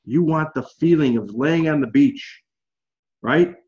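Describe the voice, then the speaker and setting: A man's voice: a little high, measured pace, noisy background. A man coaching a group over a call, chatty and encouraging, his talk loose and full of fillers. The audio is a bit dull and lo-fi.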